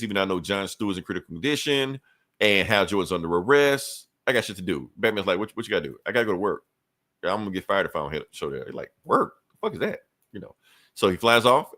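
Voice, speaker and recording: A man with a fairly low voice loosely recounting a comic book plot on a podcast. He talks casually, drops in the characters' lines as quick asides, and swears freely. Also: fairly bright tone. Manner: frequent profanity and fillers. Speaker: podcast host.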